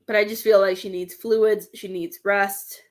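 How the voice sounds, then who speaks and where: A woman's voice: medium pitch, flat delivery, unhurried. A woman doing a live-stream reading as a medium, talking in a rambling, hesitant way and searching for words. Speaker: psychic medium.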